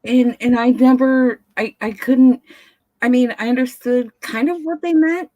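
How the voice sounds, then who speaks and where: A woman's voice: high voice, unhurried, warm tone, no room sound, muffled recording. A woman in her fifties chatting casually, rambling and laughing at herself, with a dry recording. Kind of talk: casual chat.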